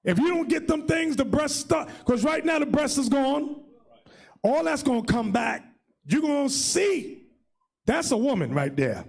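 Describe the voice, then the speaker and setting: A man leading a religious class as bishop, preaching in a loud, mocking, shouting manner. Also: very high-pitched, very animated, measured pace, gravelly. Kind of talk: fiery religious teaching.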